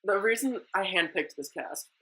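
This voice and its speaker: Young guy hosting a chill podcast, tells stories loud and sweary, bright punchy voice. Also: high-pitched, moderate pace, rough recording. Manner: animated storytelling, swears freely. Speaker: podcast host. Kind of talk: casual chat.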